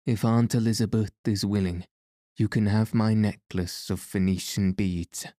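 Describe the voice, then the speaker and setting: A man's voice: on the low side, dark tone, no echo, clean studio sound, natural voice. A man reading the lines of a solemn, dramatic little girl in a storybook, in an earnest voice.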